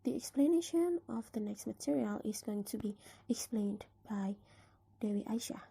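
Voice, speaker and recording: Soft, breathy young woman presenting. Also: on the high side, animated, normal speed. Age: young adult. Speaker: student presenter. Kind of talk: reading a class presentation.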